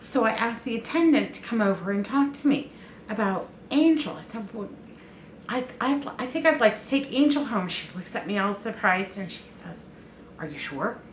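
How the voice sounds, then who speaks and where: A woman telling a personal story in a chatty, animated way, acting out what others said in her own voice. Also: on the high side, moderate pace. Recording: echoey room with faint noise.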